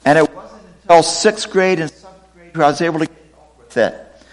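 A middle-aged man preaching a sermon, reading scripture quotes with expressive, dramatic delivery. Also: fairly high pitch, brisk, in a large hall. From United States, raised partly in Pakistan. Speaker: pastor.

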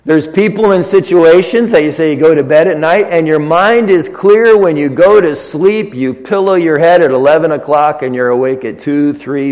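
A man preaching a sermon in a conversational way, slow and deliberate with quick asides. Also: a little high, darkish tone. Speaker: pastor. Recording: long reverb of a large hall.

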